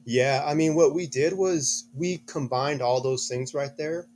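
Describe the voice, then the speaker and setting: A middle-aged father, a guest in an interview, earnestly tells a story, restarting his phrases as he goes. His slightly hoarse voice is fairly high-pitched yet darkish in tone, delivered at a measured pace over slight background noise.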